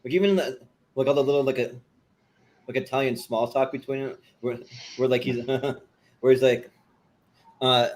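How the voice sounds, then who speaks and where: A man co-hosting a podcast in casual chat, hesitant and full of fillers, adding quick agreement and quotes from his notes. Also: mid-range voice, fairly even intonation. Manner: hesitant, many "like" and "yeah", short agreeing replies. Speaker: podcast co-host.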